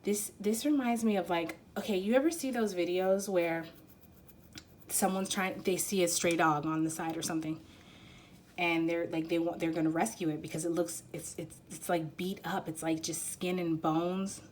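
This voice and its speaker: A woman with a fairly low voice gives an intuitive card reading in a quiet room. She talks in a halting, rambling way, full of fillers, and becomes emotional as she goes. A faint hum sits under her voice. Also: fairly even intonation. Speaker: tarot reader.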